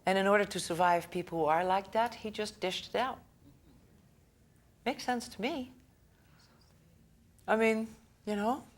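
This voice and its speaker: A woman's voice: medium pitch, unhurried, long pauses. A woman school director giving a lecture to parents in a conversational way, checking in with the audience, laughing often and acting out the people in her stories.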